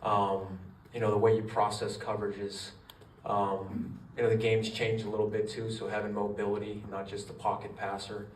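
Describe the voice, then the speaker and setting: A man talks steadily with many fillers, as if in an interview. His voice is fairly low and flat. He sounds distant in an echoey space, with faint ambience behind him. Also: normal speed, slight background noise. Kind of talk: interview remarks.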